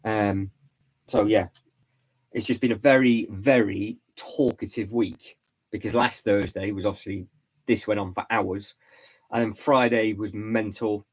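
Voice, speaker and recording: Low-voiced streamer, hoarse and congested, loose rambling chat with viewers. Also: male voice, fairly even intonation, measured pace, rough recording. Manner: rambling, repeats words, reads out chat names. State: hoarse, losing his voice, congested from hay fever. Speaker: vlog host doing a live stream. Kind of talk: casual live-stream chat.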